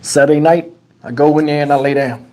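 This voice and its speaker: A man's voice: a little high, fairly even intonation, brisk, dark tone. A man hosting a livestream, telling a story in a casual, profane and colloquial way on a lapel mic. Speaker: channel host. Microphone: wireless lapel mic.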